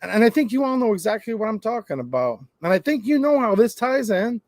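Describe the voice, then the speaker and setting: Man, gun channel host, rambling, emphatic, high-pitched, dry close recording. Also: sing-song, a little fast, no room sound. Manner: conversational, rambling, emphatic, frequent restarts. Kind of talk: casual monologue to camera.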